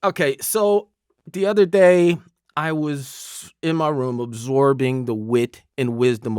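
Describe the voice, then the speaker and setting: A man's voice: mid-range voice, takes it slowly, clear, resonant tone, no room sound, studio quality. A man of fifty co-hosting a podcast in casual chat, joking and telling stories. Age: 50s. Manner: animated, joking storyteller. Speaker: podcast co-host.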